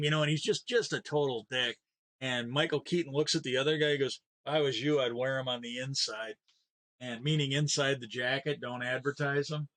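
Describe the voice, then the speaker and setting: A man's voice: fairly high pitch, fairly bright tone. A man streaming a game, chatting casually with viewers and telling rambling stories full of folksy sayings. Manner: chats with viewers by name. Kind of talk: casual chat while gaming.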